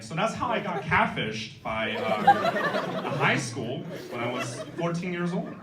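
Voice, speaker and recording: A young man from China performing a crude, irreverent stand-up set with deadpan punchlines in front of a live university crowd. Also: a little high, normal speed, very noisy. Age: young adult. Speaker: stand-up comedian. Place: university comedy event before a live audience. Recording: echoey room, distant mic, loud audience laughter.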